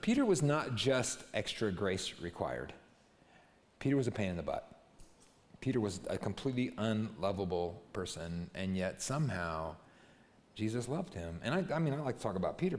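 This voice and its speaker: A man preaching a sermon, telling stories in a lively way and acting out short bits of dialogue. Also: fairly low pitch. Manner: animated storytelling, acting out voices and asides. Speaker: pastor. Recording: reverberant hall.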